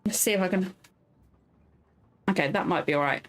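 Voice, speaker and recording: A woman's voice: medium pitch, normal speed. Casual woman gamer, chatty and sweary, faint game music behind. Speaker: gameplay streamer. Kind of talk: casual let's-play commentary. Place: warm room at home. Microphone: headphones and headset mic.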